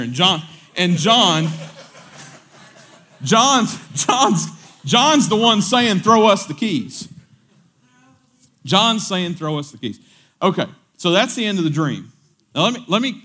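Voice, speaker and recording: A man, a pastor telling a story during a sermon in a conversational way, often repeating words and quoting people in animated voices. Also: fairly high pitch.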